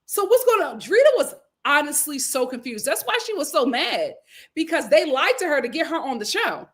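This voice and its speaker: A young woman hosting a live recap stream, chatting casually, reading viewer comments, laughing often and swinging between loud outbursts and murmured asides. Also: high-pitched, sing-song, moderate pace. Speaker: live recap show host.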